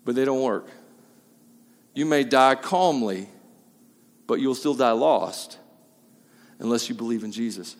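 A pastor preaching a sermon, emphatic and swinging between loud and quiet, with jokey asides. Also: male voice, medium pitch, unhurried, pauses often. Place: church hall. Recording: long hall reverb.

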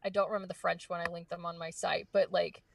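A woman voice actress being interviewed, chatting casually and fast with lots of fillers and restarts. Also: fairly low pitch, flat delivery, gravelly, no echo, distant mic. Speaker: voice actress guest.

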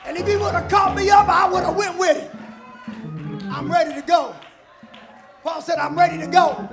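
A man preaching a sermon, shouting and chanting repeated phrases in a live church service. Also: extremely high pitch, fairly even intonation, moderate pace. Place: church sanctuary. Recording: live church with music and congregation. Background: organ music and responding crowd.

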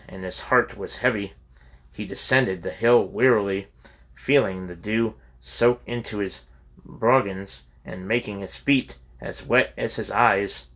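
Male audiobook narrator, steady measured reading, slightly low pitch. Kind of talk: scripted narration.

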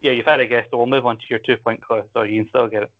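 A man's voice: medium pitch, fairly even intonation, racing, phone-quality sound. Scottish man hosting a quiz, crude jokes. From Scotland. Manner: crude, joking, explains rules at length. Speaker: quiz host. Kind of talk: casual podcast quiz.

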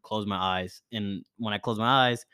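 A young man hosting a podcast, telling a party story in a casual, animated way, with lots of filler words and some swearing. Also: fairly low pitch, moderate pace, clear, resonant tone. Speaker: podcast host. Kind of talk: casual chat.

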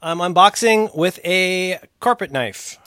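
A man co-hosting a podcast, playful and swinging into mock-serious deadpan. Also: high voice, moderate pace, no echo. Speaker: podcast co-host. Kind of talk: casual comedic chat.

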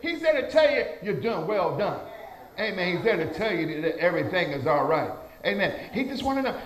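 In an echoey church sanctuary, a male pastor preaches in call-and-response style, calling out amen after amen. His high, slightly bright voice is animated and a little fast, full of folksy phrasing and stammered restarts.

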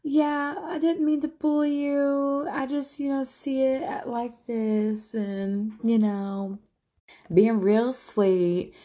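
A woman voicing a young woman who pleads in a high, sweet, whiny tone while acting falsely tearful. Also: fairly even intonation, slow, mellow. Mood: fake sweet.

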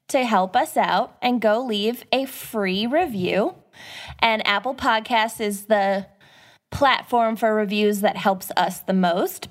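A woman co-hosting a podcast in casual chat with friends, playful and laughing often. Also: fairly high pitch. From Minnesota. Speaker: podcast co-host.

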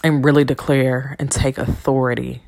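A woman's voice: rumbling low, level tone, moderate pace, gravelly, darkish tone. A woman hosting a podcast in a casual, rambling monologue, cursing freely as she encourages her listeners. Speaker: podcast host. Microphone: podcast microphone.

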